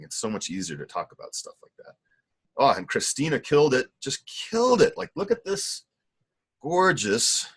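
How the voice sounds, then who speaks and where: This middle-aged man's voice is mid-range, a bit bright and slightly rough. Teaching painting online, he critiques student pieces in an excited, wandering way, full of filler words and corrections of himself.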